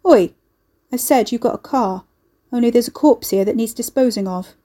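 A woman's voice: fairly high pitch, moderate pace, mellow, close to an everyday voice. A woman voicing a shifty, sarcastic male soothsayer, talking in a blunt, teasing way. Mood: brusque. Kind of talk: audiobook character voice.

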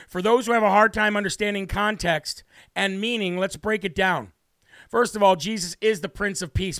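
A man's voice: high voice, fairly bright tone, no room sound, clean studio sound. A male talk show host giving a brash, emphatic, preachy monologue with a scripture reading.

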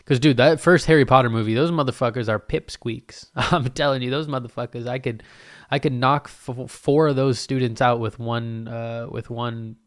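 A man's voice: medium pitch, fairly even intonation, moderate pace, no room sound, clean studio sound. A man, hosting a podcast alone in a casual, profane, rambling and jokey way. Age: 20s. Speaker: podcast host. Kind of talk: casual solo podcast rant.

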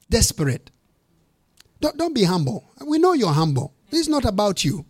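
A man's voice: sits high, expressive, normal speed. A man, a bishop, preaching a sermon, telling a story with emphatic, punchy repetition.

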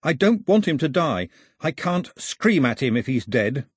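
A determined island boy speaks in blunt, urgent bursts in this storybook, as a male narrator puts him on. His husky voice rises and falls widely, close and dry. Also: medium pitch, sing-song, normal speed, dry recording. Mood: shouting.

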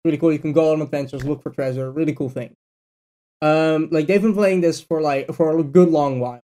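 A man hosting a casual podcast chat, rambling with lots of fillers and trailing off quietly at the ends of thoughts. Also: on the high side, steady tone, brisk. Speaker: podcast host.

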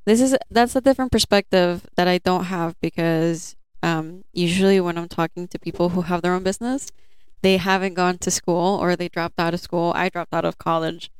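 A woman's voice: on the low side, steady tone, moderate pace, clean tone, dry recording. A woman hosting a casual interview podcast, friendly and encouraging toward her guest. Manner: friendly, encouraging, laughs easily. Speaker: podcast host.

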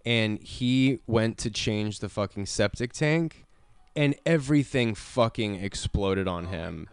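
A man on a podcast, telling casual stories with frequent laughter and shouted quotes. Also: lowish voice, lively intonation, slow pace, smooth, no echo. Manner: laid-back storyteller, laughs often, shouts when quoting. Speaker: podcast host. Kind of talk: casual chat.

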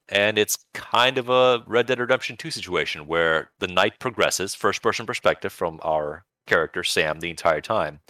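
A man's voice: sits low, sharp tone, no echo. A man co-hosting a podcast, chatting casually and enthusiastically about video games, rambling with bursts of playful emphasis. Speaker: podcast co-host.

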